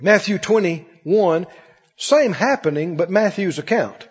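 A man preaching a sermon in a large church. He works the crowd with call-and-response, swinging from loud, high cries down to low murmurs. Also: expressive, slow, breathy edge. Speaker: pastor. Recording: muffled recording with long hall reverb.

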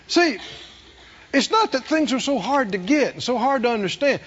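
A middle-aged man preaching a sermon, folksy and animated, asking the congregation questions. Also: very high-pitched, moderate pace, breathy edge, lo-fi sound. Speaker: pastor.

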